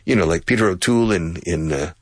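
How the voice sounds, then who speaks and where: A man's voice: sits low, fast talker, dry recording, studio quality. A man from Texas, teaching English in a chatty, digressive way and laughing often. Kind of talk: language lesson with drills.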